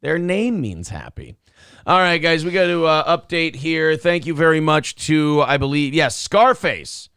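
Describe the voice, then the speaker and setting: A man's voice: a little high, animated, unhurried, a bit bright, clean tone, no room sound, clean studio sound. A man co-hosting a casual morning live stream, reading viewer messages aloud and trash-talking rivals with brash, boastful swagger. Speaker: co-host of a morning show.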